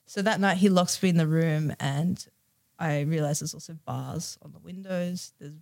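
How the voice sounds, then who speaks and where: A woman's voice: low voice, normal speed, creaky, darkish tone. Young aussie woman telling a personal story on a podcast, candid, emotional, lots of likes and ums. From Australia. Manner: candid, emotional, many fillers. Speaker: guest.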